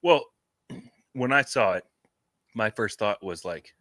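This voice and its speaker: A man, co-hosting a comedy podcast with wry, deadpan one-liners. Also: lowish voice, takes it slowly, dry recording, clean studio sound. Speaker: podcast co-host. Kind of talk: casual podcast banter.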